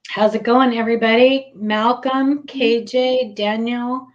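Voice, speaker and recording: A woman hosting a casual live stream, giggly and excitable, greeting viewers by name. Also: a little high, takes it slowly, muffled recording.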